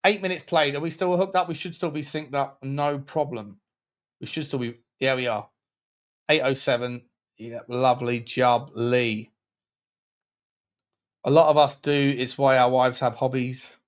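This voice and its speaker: A man streaming a football watchalong, giving running commentary on the game with jokes and shout-outs to viewers. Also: mid-range voice, a little slow. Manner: jokey, excitable, chats with viewers between plays. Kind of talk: live match commentary and chat.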